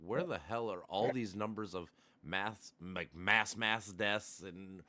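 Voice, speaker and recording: A man's voice: lowish voice, slow, bright, forceful tone, no room sound. A man in casual chat, talking in a rambling, profane way with many restarts. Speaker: podcast host.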